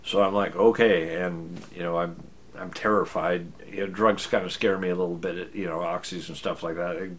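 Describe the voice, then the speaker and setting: Wry low-voiced American storyteller man. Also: level tone, normal speed, a bit bright, a little hiss or hum. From United States. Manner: wry, self-deprecating, casual. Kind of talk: comic personal storytelling.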